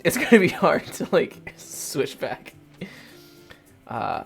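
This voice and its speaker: A man narrating a game in casual let's play style, rambling loosely and swearing freely. He sounds self-mocking and offhand, at an average pitch. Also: huge pitch swings, takes it slowly, creaky, soft background music. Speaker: gaming video host.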